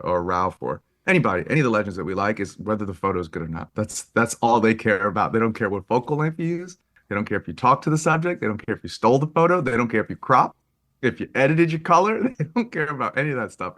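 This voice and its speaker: A man, a photographer guest on a podcast, telling stories in a lively, animated way, acting out quoted speech and laughing often. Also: fairly low pitch, fast talker. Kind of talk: casual interview storytelling.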